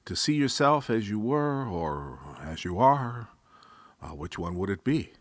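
A man's voice: lowish voice, big pitch swings, a little slow, no echo. A man voicing Mephistopheles, a sly, playful devil who teases in sing-song rhymes for a storybook reading. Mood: playful mocking.

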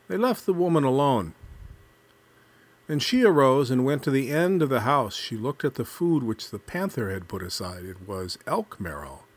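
Slow, husky male storyteller. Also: medium pitch. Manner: measured, deliberate storytelling cadence. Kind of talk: folk tale reading.

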